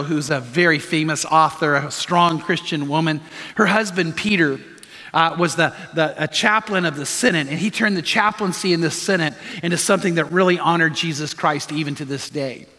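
A man's voice: high voice, bright, forceful tone, long reverb tail. A male pastor preaching a sermon, emphatic and full of rhetorical questions to the congregation.

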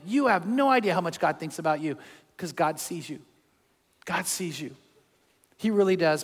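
An older man preaching a sermon as a pastor, conversational and animated, chuckling as he goes. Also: high voice. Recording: long hall reverb.

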